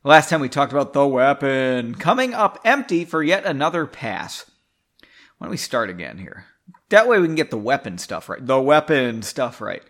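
Man reading his own story, casual, cussing, self-deprecating; lively, slightly high voice. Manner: profane, self-mocking asides; stumbles and rereads lines. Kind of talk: casual read-aloud with commentary.

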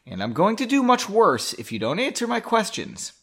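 A man's voice: sits high, wildly swooping pitch, moderate pace, a bit bright, pitched above the performer's own voice, exaggerated voice. A man reading out the lines of a determined young woman in his own story, speaking as her with a cool, firm manner.

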